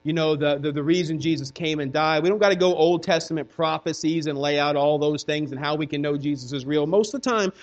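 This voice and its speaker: A man's voice: fairly high pitch, fairly quick, hardly any pauses, highs cut off. A male pastor preaching in a loose, conversational way, acting out short quoted voices of children and churchgoers. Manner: conversational preaching, acts out kids' and congregants' voices. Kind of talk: sermon.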